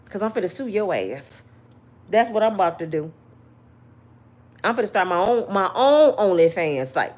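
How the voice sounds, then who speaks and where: A woman's voice: medium pitch, animated, moderate pace, long pauses, darkish tone. A woman giving an emphatic, slangy opinion rant to her viewers, full of rhetorical questions. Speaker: commentary vlogger.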